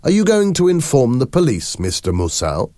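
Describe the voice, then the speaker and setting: A man voicing a cheerful, mischievous father in a storybook reading, with a raised, bright delivery. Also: mid-range voice, huge pitch swings, moderate pace, no room sound, clean studio sound, pitched above the performer's own voice. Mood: teasing. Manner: bright, teasing, laughing.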